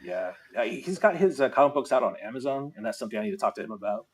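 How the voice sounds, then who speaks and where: Quick-talking man with a husky voice. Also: mid-range voice, sing-song. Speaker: guest comic creator. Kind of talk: casual livestream chat.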